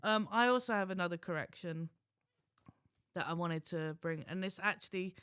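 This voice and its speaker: A man's voice: sits high, moderate pace, sharp tone, smooth, no echo, clean studio sound. A man co-hosting a podcast, chatting casually in a rambling, self-mocking way with restarts. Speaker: podcast co-host. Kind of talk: casual chat.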